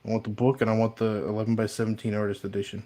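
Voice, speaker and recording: A man's voice: fairly low pitch, level tone, racing, dark tone. A man in a casual live chat, enthusiastic and jokey, given to exaggerated playful threats.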